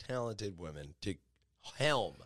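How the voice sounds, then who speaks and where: Lively joking male podcast co-host. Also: lowish voice, slow pace, no echo, studio quality. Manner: animated, laughing, swears freely. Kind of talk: casual chat, reading news.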